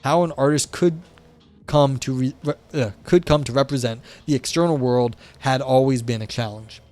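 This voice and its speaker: A man's voice: medium pitch, normal speed, a little mellow. A man hosting a livestream, chatting casually with viewers and reading a philosophy text aloud, with lots of fillers. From United States, south of the New England area. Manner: chatty, responds to chat, many fillers. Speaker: livestream host.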